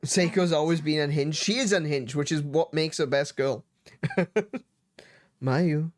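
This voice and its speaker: A woman's voice: deep voice, moderate pace. A woman streaming a game and reacting in a chatty, emotionally invested way. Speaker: let's play streamer. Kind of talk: game commentary.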